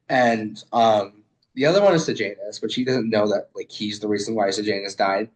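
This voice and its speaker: A man's voice: on the low side, normal speed, low-quality recording. A young man and student giving a casual, rambling literary video essay over a video call, with lots of fillers and swearing.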